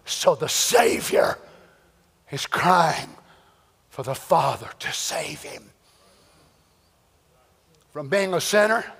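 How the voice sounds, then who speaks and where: Man, preacher, impassioned sermon, slow delivery, long hall reverb. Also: on the high side, expressive, gravelly, breathy edge. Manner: impassioned, swings from shouting to hushed.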